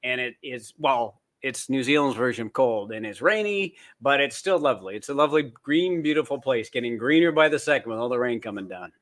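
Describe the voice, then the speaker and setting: A man, a guest author chatting casually in an interview and telling animated, rambling stories. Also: medium pitch, brisk, few pauses. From born in Canada, raised in the United States. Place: home in New Zealand.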